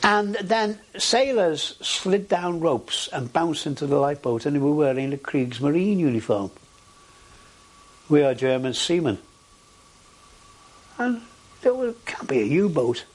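An older man with a husky voice, recounting his experiences in a recorded interview with frequent hesitations. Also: a little high. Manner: animated storytelling with frequent hesitations. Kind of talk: oral history recollection.

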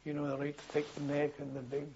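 An older man telling wartime memories as a former policeman, in a halting, rambling way full of restarts and chuckles. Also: fairly high pitch, monotone, dark tone, muffled recording, slight background noise. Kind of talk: oral history storytelling.

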